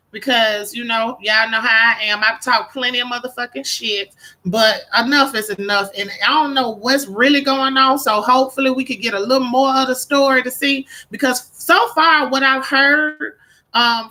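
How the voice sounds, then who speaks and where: A woman's voice: high voice, bright, forceful tone. A woman hosting a casual live stream, greeting viewers by name, blunt and profane.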